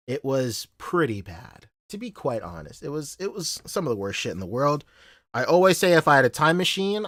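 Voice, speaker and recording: Man in his thirties, Southern US accent, born in the Philippines, rambling livestream host, lively swinging pitch, dry close sound. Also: dry recording. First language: Tagalog. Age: 30s. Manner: rambling, laughs often, swears casually. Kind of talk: casual livestream chat.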